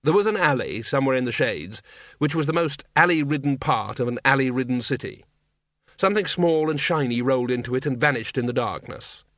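Dry, measured male audiobook narrator. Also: mid-range voice, lively intonation, a bit bright, no echo.

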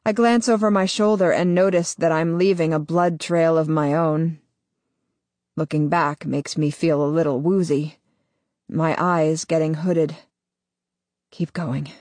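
Slow, low-voiced woman narrating. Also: fairly even intonation, darkish tone, no echo. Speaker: audiobook narrator. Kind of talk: first-person audiobook narration.

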